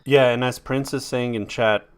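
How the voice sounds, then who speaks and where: A man's voice: mid-range voice, steady tone, normal speed, clear, resonant tone. A man hosting a podcast, chatting casually and rambling with lots of filler words and the odd swear. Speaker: podcast host. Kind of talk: casual chat.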